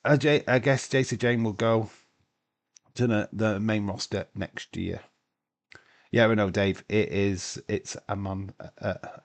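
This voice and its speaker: Bloke from the uk doing a chatty watch-along stream, reads out chat, swears a bit, lowish voice. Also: male voice. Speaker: livestream host.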